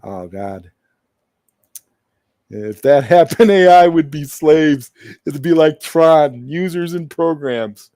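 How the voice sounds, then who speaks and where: A man hosting a live stream talks in a loose, rambling way, doubling back and restarting his sentences as he greets people in the chat. His voice sits a little high for a man, and the sound is dry and close to the mic. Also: lively intonation, slow pace, pauses often, dark tone, no room sound.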